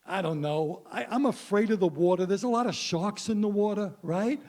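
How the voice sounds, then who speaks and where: Stand-up comic, male, 60s, high-pitched, wry punchy delivery, works the room. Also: normal speed, darkish tone. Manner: punchy, wry, addresses the crowd. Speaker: stand-up comedian. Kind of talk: stand-up comedy set. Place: stage before a live audience.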